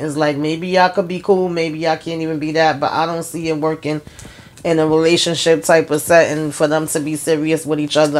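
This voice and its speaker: A woman hosting her own channel, chatting frankly as she recaps a TV episode and gives her opinion, retelling scenes with quoted lines. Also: low voice. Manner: drawling informal speech, many fillers. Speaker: TV episode reviewer, channel host.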